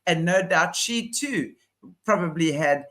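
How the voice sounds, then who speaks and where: A man's voice: sits high, lively intonation, unhurried, sharp tone. A man co-hosting a casual chat, giving opinionated, explanatory commentary. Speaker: podcast co-host. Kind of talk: casual chat about a news case.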